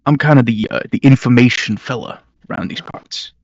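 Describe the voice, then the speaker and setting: A man's voice: mid-range voice, a little fast, darkish tone, dull audio, lightly acted. Man doing a chatty little kobold. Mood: laid-back. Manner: easygoing, rambling with fillers. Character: small green male kobold, chatty know-it-all student.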